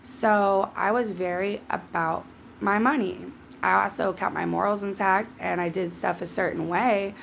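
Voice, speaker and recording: A woman's voice: medium pitch, steady tone, a little slow, vocal fry, fairly bright tone, a little hiss or hum. A woman telling her own story to camera in a frank, emphatic, casual way. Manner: frank, emphatic, calls listeners "baby". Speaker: social media creator sharing her story.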